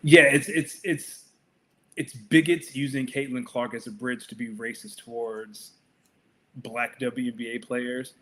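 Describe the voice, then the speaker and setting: A man's voice: mid-range voice, steady tone, measured pace, fairly bright tone. A man co-hosting a casual sports podcast, talking with wry, dry commentary. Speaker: podcast co-host. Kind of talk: casual chat.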